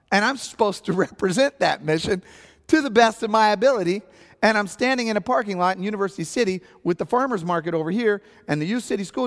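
A man preaching as a pastor, telling a story with acted-out outbursts and a conversational sermon delivery. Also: sits high. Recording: long hall reverb.

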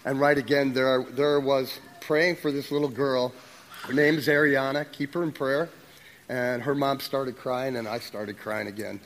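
A man telling a personal testimony to his church, narrating the story with lively quoted dialogue. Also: medium pitch, a little slow, in a large hall, slight background noise. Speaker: church member sharing a testimony.

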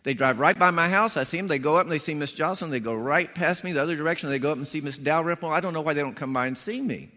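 Man putting on a bitter old woman of eighty, whiny quick grumble, bright edge, echoing hall. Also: on the high side. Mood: aggrieved.

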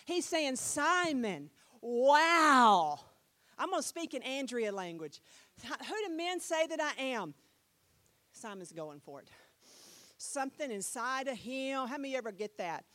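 A woman's voice: high voice, lively intonation, normal speed. A woman preaching a sermon in a playful way, repeating phrases for emphasis. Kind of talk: sermon teaching.

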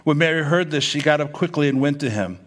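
A man preaching a sermon with a slightly higher-than-usual voice. He reads scripture aloud and then explains it in a plain, chatty way, often pausing to check in with his listeners. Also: a bit bright. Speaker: pastor.

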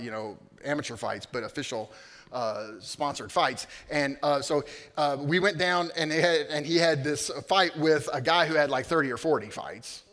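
A middle-aged man preaching a sermon in a conversational way, dropping to quiet asides and rising to loud peaks. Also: mid-range voice. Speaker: pastor. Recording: long hall reverb.

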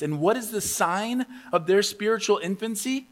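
A man's voice: high voice, lively intonation, normal speed. A man preaching a casual teaching sermon, conversational and emphatic, acting out quotes with a raised voice.

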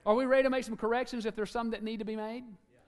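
A man from Alabama with a Southern accent, preaching a sermon emphatically, swinging between loud and soft and repeating key words. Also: extremely high pitch, flat delivery, fast, smooth.

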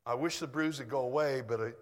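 A man's voice: mid-range voice, fast. A middle-aged man preaching a sermon in a loose, conversational, self-deprecating way. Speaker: pastor. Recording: long hall reverb.

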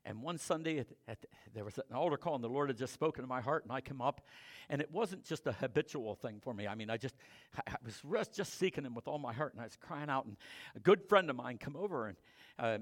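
A man preaching a sermon and sharing his own testimony, swinging between loud emphatic preaching and quiet confessional storytelling. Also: medium pitch, expressive, quick pace.

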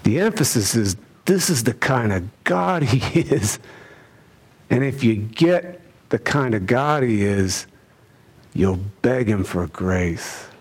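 A man delivers a sermon in a mid-range voice. He presses his points with rhetorical questions. He rises to loud emphasis and then drops to hushed lines. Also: medium pitch, lively intonation, slow pace, slightly rough. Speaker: pastor.

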